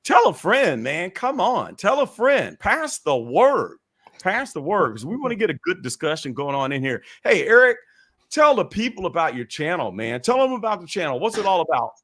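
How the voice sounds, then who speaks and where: A man with a raspy voice hosting a casual political live stream, chatty and folksy, greeting his viewers. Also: high voice, very animated, moderate pace, bright, forceful tone. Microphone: webcam and computer mic.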